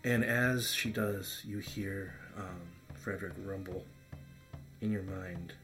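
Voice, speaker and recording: A man narrating as game master of a tabletop game, halting, with many fillers. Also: low-pitched, steady tone, music in the background.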